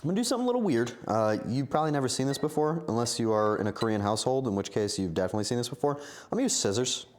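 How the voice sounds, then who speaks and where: A man rambles to his live chat while he cooks in his home kitchen. His mid-pitched voice swings widely up and down. He mocks himself and flares into playful outrage. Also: racing. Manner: animated, self-mocking, talks to chat, mock outrage. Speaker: streamer cooking live for chat.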